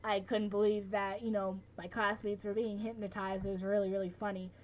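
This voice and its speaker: A young woman in her late teens talks through her memories in a relaxed vlog. Her voice sits at a middle pitch and stays fairly flat in intonation. She is chatty and keeps filling her sentences with "like" and "you know". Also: fairly quick, rough recording. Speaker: vlogger. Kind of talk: casual vlog recap.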